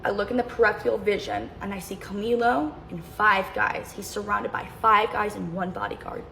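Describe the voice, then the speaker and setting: A young woman in casual storytime mode, her voice at an ordinary middle pitch. She rambles, breaks off mid-sentence and hops between side stories as she talks. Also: steady tone, fairly quick, vocal fry, a bit bright, a little hiss or hum, rough recording. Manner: rambling, self-interrupting, jumps between tangents.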